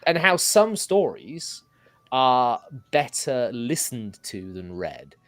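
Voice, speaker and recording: A man's voice: mid-range voice, very animated, slow pace, a bit bright, dry recording. A man hosting his own livestream in casual chat, playfully keeping his guests in order. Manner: playful, bossy moderator. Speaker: livestream host.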